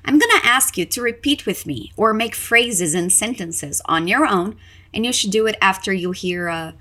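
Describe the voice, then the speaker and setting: A woman teaching English in a podcast lesson, explaining clearly and encouraging listeners to repeat out loud. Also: mid-range voice.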